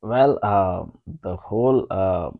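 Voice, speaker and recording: Indian accent guy, low voice, lots of uh and like, kinda dull dry recording. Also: slow pace, no room sound. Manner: hesitant, many fillers, self-deprecating. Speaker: podcast co-host. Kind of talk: casual conversation.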